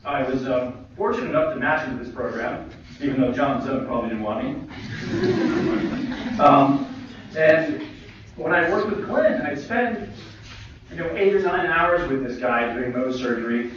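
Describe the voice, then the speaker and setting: A man's voice: medium pitch, animated, measured pace, long pauses, fairly bright tone, slight background noise. A man in his forties, a physician speaking at a memorial tribute, tells humorous stories with lots of "you know" fillers. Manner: chatty, filler-heavy storytelling with humor. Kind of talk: memorial tribute talk with anecdotes. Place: lecture hall. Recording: echoey hall, distant mic, dull livestream audio.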